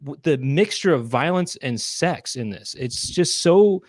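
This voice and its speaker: A man's voice: a little high, expressive, unhurried. A man co-hosting a casual online chat show, reacting to a video with jokes and frequent laughter. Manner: laughing, joking, playfully arguing. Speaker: co-host.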